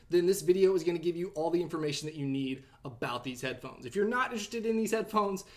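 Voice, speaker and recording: A young man hosting a tech review vlog, telling a story time review quickly and quoting himself in a raised voice. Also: sits high. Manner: animated, talks fast, quotes himself in a raised voice.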